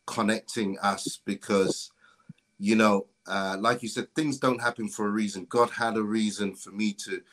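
Low-voiced man speaking haltingly. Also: fairly even intonation, fairly bright tone. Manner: halting, with many fillers and repeated words. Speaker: guest. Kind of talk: casual conversation on a stream.

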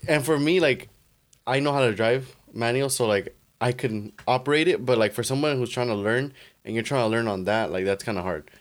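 A man's voice: mid-range voice, fairly quick. A young man co-hosting a podcast, laid-back in casual chat, explaining things step by step with lots of "like". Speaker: podcast co-host.

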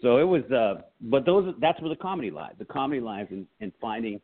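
Husky-voiced man telling stories over a phone line. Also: mid-range voice, fairly quick. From United States. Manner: animated storyteller acting out quotes. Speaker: guest, comedian and writer. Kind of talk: casual interview storytelling.

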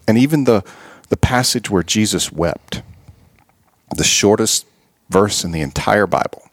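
A man's voice: low-pitched, dry recording, studio quality. A man, a podcast guest and author, earnestly retelling scenes and reflecting on them in an interview. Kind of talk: storytelling in an interview.

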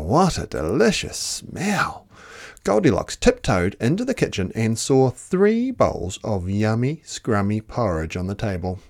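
A storyteller reading a children's storybook aloud in an expressive, playful way. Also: medium pitch.

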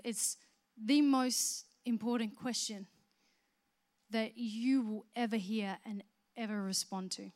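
A woman preaching a sermon, swinging from soft, conversational explanation to loud, emphatic proclamation. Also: a little high, fairly even intonation, takes it slowly. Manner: conversational, with restarts and filler words.

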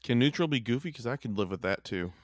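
A man in casual conversation, goofy and quick to laugh, his voice sitting at an ordinary middle pitch. The sound is dry and close, with no room around it. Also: animated, dry recording. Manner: goofy, joking, laughs often. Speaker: podcast co-host. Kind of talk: casual chat.

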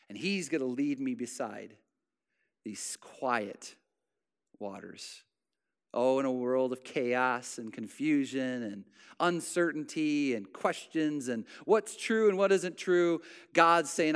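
A man preaching a sermon with passion, rising to loud exclamations and then dropping to hushed, soft phrases. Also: fairly high pitch, slow pace, smooth. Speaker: pastor.

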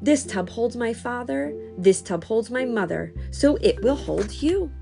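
Lady doing a panicky little kid, high and begging, slow storybook read. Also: gravelly, over music. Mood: pleading. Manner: pleading, high and excited. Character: anxious young boy who overfed his fish.

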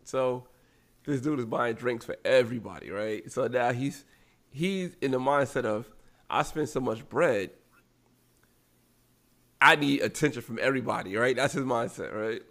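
A man with a gravelly, fry-edged voice, chatting casually as a podcast co-host. He tells stories with animated quoted voices, in a middle pitch. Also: normal speed, pauses often. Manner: animated storyteller acting out quotes. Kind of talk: casual storytelling chat.

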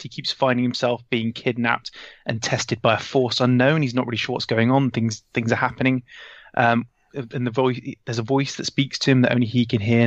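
A man's voice: medium pitch, fairly bright tone, no room sound, muffled recording. A man casually introducing his tabletop character, chatty and self-correcting with frequent ums.

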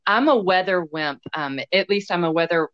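Low-voiced woman talking earnestly. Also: normal speed, clear, resonant tone, dry recording. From Canada. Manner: reflective, earnest, with stammering restarts. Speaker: running coach. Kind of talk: casual chat. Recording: dry, slightly dull sound.

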